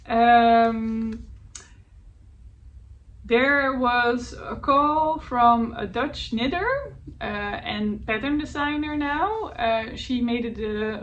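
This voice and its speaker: A woman hosting her knitting podcast, chatting casually and hesitantly, often searching for words and laughing softly at herself. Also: fairly high pitch, lo-fi sound. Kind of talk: casual show-and-tell chat. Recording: faint background noise, voice a bit distant from the mic.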